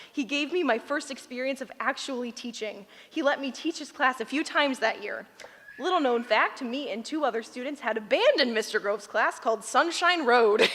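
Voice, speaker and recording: A woman's voice: on the high side, fairly bright tone. A teenage girl reading a heartfelt speech to her teachers at a ceremony, laughing often and getting emotional. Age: late teens. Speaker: graduating student giving a speech. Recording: long hall reverb.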